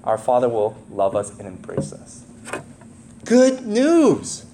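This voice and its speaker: A man's voice: lowish voice, normal speed, slight background noise. A man preaching a sermon, reading scripture aloud in a raised voice and breaking off into casual, joking asides to the congregation. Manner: animated, rising to read scripture, conversational asides. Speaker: pastor.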